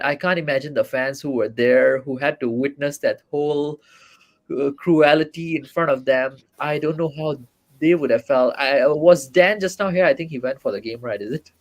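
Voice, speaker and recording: A man's voice: a little high, moderate pace. A man from Malaysia, a guest on a fan podcast, venting his frustration in a blunt, heated manner. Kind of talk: casual fan podcast chat.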